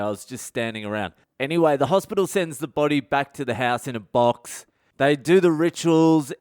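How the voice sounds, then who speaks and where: A man's voice: mid-range voice, clean tone, no room sound, clean studio sound. A man, a comedian hosting his daily podcast, telling a profane comic story and acting out other people's voices along the way. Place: a home in India.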